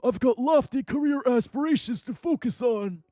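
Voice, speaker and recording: A man's voice: very high voice, animated, moderate pace, dark tone, no room sound, studio quality, pitched above the performer's own voice. A man voicing a haughty, ambitious young woman student who speaks in a dismissive, aloof way.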